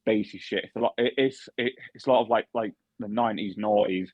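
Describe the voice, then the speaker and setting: A young barman co-hosting a podcast tells a story in casual chat, swearing heavily amid lots of fillers and restarts. His lowish voice is steady and a little fast, captured on a dry, dull lo-fi podcast mic with crowd noise behind him.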